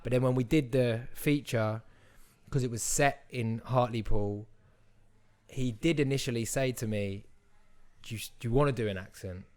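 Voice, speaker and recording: A man's voice: medium pitch, normal speed, darkish tone. A young man, an actor guest in a casual podcast chat who rambles, restarts often and acts out quotes.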